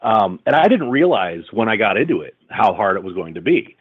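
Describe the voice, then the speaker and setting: A voice-over artist and audiobook narrator chats casually in an interview, full of fillers and restarts. His fairly low, husky voice is very animated and brisk, heard over a tinny, phone-like line.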